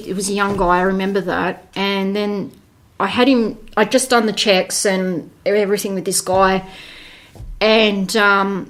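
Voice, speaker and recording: A woman, a podcast guest telling a personal story in a casual, animated way. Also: medium pitch. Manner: animated, acts out quoted dialogue.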